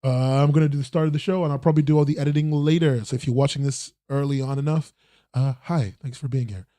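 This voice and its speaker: A man with a mid-range, warm voice speaks quickly and with fairly even intonation, recorded in studio quality with no echo. He hosts a casual livestreamed news roundup podcast, rambling, restarting, and swearing casually, and he is not American.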